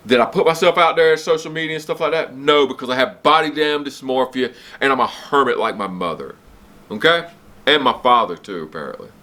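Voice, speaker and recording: A man's voice: medium pitch, pushed and bright. A man in his forties ranting straight to camera at home, blunt and heated, cursing and then apologizing before he winds up again. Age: 40s. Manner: heated, profane, preachy, breaks off to apologize. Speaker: vlogger. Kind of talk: blunt unscripted rant to camera. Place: home, downstairs room.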